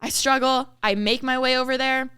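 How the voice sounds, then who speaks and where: A woman in her twenties co-hosting a podcast, telling an animated story in casual chat, acting out her own reactions, laughing often and swearing. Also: sits high, moderate pace, smooth. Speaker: podcast co-host.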